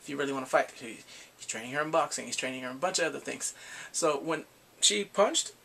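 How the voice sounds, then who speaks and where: A young man giving a casual, excitable recap of a drama, often laughing and acting out what the characters say. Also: medium pitch, fast, vocal fry, slightly rough. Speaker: drama reviewer.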